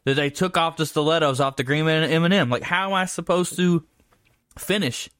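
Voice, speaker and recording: A man co-hosting a casual comedy podcast, trading crude deadpan jokes. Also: a little high, a little fast, dry recording, clean studio sound. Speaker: podcast co-host.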